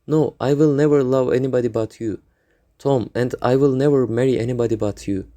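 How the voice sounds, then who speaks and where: A man's voice: medium pitch, a little fast, mellow, voice pushed up, natural voice. A man reading the part of a shy young schoolgirl, with hesitant hums between phrases. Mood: eager.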